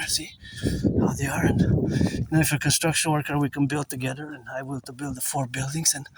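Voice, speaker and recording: A man with a slightly high voice rambles as he walks through city streets. He drifts from thought to thought, repeats himself and mutters asides. He sits back from the mic, and loud noise runs behind him. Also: fairly even intonation, fairly quick, far from the mic. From Quebec, Canada. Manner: repetitive, drifting, mutters asides under his breath. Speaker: vlogger. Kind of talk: rambling walking monologue.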